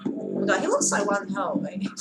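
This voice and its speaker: A woman hosting a reaction video in casual commentary, excitable and gushing, shrieking over her favorite. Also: mid-range voice, poor audio. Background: loud trailer music.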